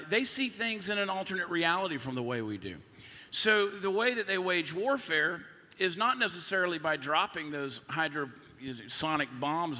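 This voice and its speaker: A man's voice: fairly high pitch, pushed and bright, big-room sound. A man on a live panel talking at length, rambling with restarts and extended analogies.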